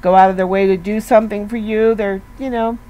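A woman's voice: mid-range voice, fairly even intonation, fairly quick, warm tone, lo-fi sound. Earnest woman giving a chatty devotional. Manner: conversational, earnest, peppered with "you know" and rhetorical questions. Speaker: devotional speaker. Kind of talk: casual devotional talk.

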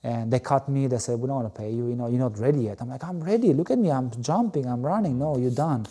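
A middle-aged man from Albania, speaking English as a second language, recounts his story as an interview guest. His voice is warm and mellow, sitting in a middle register. He talks animatedly and leans on "you know" and similar fillers. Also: medium pitch, fast, husky. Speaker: guest, former Olympic volleyball player.

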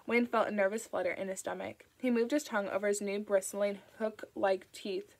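A woman narrating an audiobook in a calm, even storytelling manner. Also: mid-range voice, moderate pace, few pauses, low-quality recording. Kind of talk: audiobook reading.

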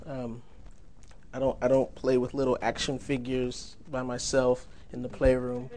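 A man's voice: medium pitch, completely flat delivery, unhurried, a little mellow, a little hiss or hum. A young man giving a sermon in a church, conversational and humorous, laughing often. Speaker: preacher.

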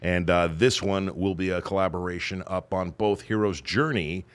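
A man's voice: sits low, steady tone, moderate pace. A man co-hosting a podcast, joking around and talking enthusiastically. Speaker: podcast host. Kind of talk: casual chat.

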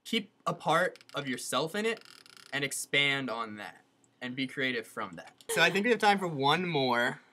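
A woman's voice: extremely low pitch, sing-song, moderate pace, bright, forceful tone, slight background noise. A woman co-hosting a casual advice chat, talking earnestly and saying "like" a lot. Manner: chatty, earnest, says "like" often. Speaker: advice show co-host.

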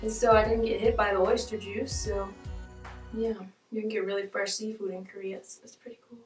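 Brisk and flat in delivery, this medium-pitched young woman keeps up a casual, chatty vlog sprinkled with jokes and laughs. The mic sits at a distance in an echoey room, and faint music plays in the background.

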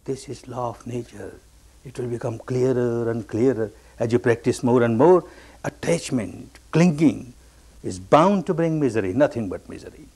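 A man's voice: mid-range voice, normal speed, a little mellow, slightly rough. An older man from Burma, a meditation teacher giving a spoken dharma talk, telling stories with emphatic repeated refrains. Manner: repetitive and emphatic, storytelling with refrains.

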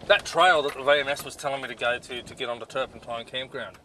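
A man's voice: mid-range voice, fast, sharp tone, slight background noise. A man reviewing off-road navigation gear in a casual vlog, blunt and exasperated, with lots of ums. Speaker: 4WD touring vlogger.

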